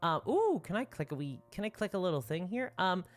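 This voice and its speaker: Animated rambling woman streamer. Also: on the low side, a little fast, faint music behind. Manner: animated and rambling, laughs often. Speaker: livestream host. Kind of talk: casual livestream chat reading viewer comments.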